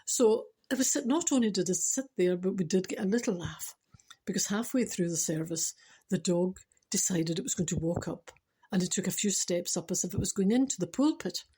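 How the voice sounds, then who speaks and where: Older Scottish woman, vlogger: mellow husky tone, chatty storyteller with earnest spiritual asides. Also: fairly low pitch, fairly quick. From Scotland. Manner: chatty, laughing, animated storytelling. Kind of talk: casual storytelling to camera.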